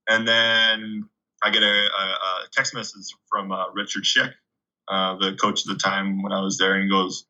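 A young man from Canada, a guest telling stories in a casual, chatty way, full of 'like' and animated retellings. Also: low-pitched, moderate pace. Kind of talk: casual storytelling. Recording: dull lo-fi recording.

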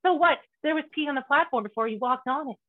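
A woman with a Scottish accent hosting a casual interview, loud and brash, laughing and swearing freely. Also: high-pitched, quick pace. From Scotland. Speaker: podcast host. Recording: tinny phone-like line.

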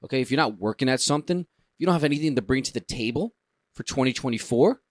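A man's voice: medium pitch, animated, quick pace, no echo. A man co-hosting a podcast in casual chat, upbeat and preachy in a motivational way. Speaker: podcast co-host.

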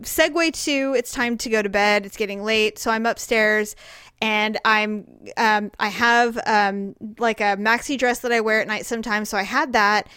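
A woman with a somewhat high voice tells a story in casual chat. She is animated and jumps into shrieks when she acts out a scare. The sound is dry and close. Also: moderate pace, smooth, dry recording.

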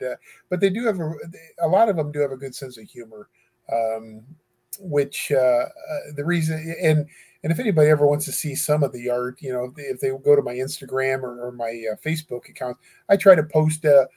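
A man's voice: mid-range voice, warm tone. A man speaking as an interview guest, talking earnestly and hesitantly with many fillers and restarts. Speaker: guest who corresponds with death row inmates. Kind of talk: casual interview talk.

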